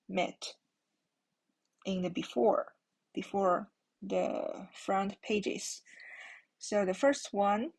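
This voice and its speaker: Woman, language teacher, very slow and patient, slightly husky voice, repeats every word. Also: medium pitch. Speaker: Mandarin teacher. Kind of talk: slow explanatory language lesson.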